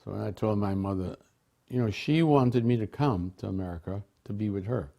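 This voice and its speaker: An older man from a Caribbean island telling personal memories in a relaxed, chatty way, laughing often and restarting his sentences. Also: on the low side, brisk, gravelly. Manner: warm storytelling with frequent laughs and restarts. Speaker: devotee sharing memories. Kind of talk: casual reminiscence.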